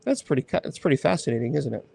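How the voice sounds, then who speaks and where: Guy hosting a chat show, kinda high voice, rambly and animated, dry close sound. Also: racing, creaky, no room sound. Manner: rambling, animated, self-correcting. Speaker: host. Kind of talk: casual chat.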